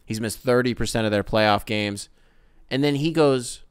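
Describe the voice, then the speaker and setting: A man hosting a casual solo sports podcast, ranting in a profane, animated way with mocking asides. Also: medium pitch, moderate pace, clean tone, dry recording, clean studio sound. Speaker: podcast host.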